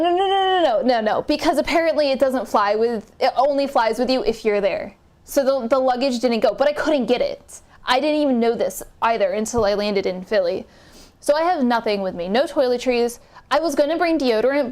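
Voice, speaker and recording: Animated, cursing young woman telling a story. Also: a little high. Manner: animated, swearing, laughing storyteller. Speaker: vlogger. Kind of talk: casual storytime chat.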